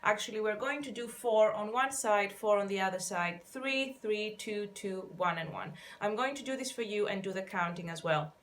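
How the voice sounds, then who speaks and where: A woman vocal coach gently guiding listeners through a warm-up, counting and demonstrating each exercise in an encouraging way. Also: mid-range voice, moderate pace, few pauses. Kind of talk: guided vocal warm-up instruction. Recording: faint piano underneath.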